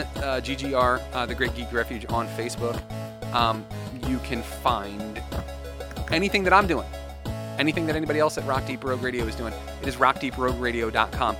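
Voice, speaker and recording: A man's voice: mid-range voice, brisk, over music. A man hosting a podcast in casual chat, rambling with lots of ums and uhs. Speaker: podcast host.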